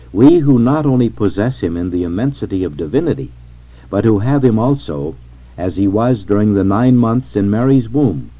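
A man reading a sermon aloud in a solemn, measured way. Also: on the low side. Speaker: reader of a sermon. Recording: dull lo-fi recording.

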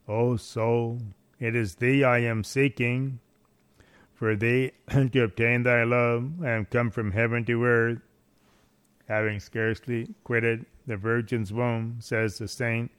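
Male devotional reader: unhurried, flat melody, clear resonant tone, solemn. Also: mid-range voice. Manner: measured, solemn delivery with archaic phrasing. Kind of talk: slow devotional reading aloud.

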